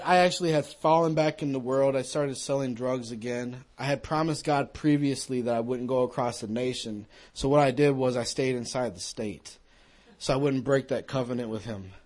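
A man's voice: medium pitch, darkish tone. A man giving an earnest personal testimony in a conversational storytelling way, speaking to a young audience.

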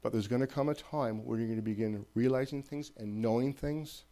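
Male preacher, warm low-key tone, chatty sermon with repeated emphatic lines. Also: brisk, hardly any pauses. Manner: conversational, repetitive emphatic phrasing, checks in with listeners. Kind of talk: informal sermon.

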